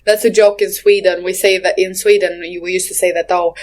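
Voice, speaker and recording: A woman's voice: on the low side, flat delivery, a little fast, darkish tone. A woman co-hosting a podcast in casual chat, teasing and rambling with lots of fillers and laughter. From Albania. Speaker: podcast co-host. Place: lives in England, near Leicester.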